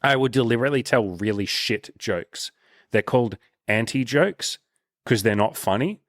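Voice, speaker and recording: A medium-pitched man hosts a casual coaching interview as a dating coach, talking animatedly at a moderate pace, swearing freely and acting out little bits of dialogue. His tone is fairly bright, and the studio-quality recording has no room sound.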